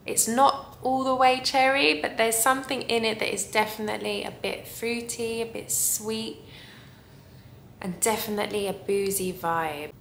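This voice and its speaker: A woman's voice: on the high side, normal speed, gravelly, echoey room, slight background noise. A woman reviewing perfumes in a casual vlog, gushing and lingering over her descriptions.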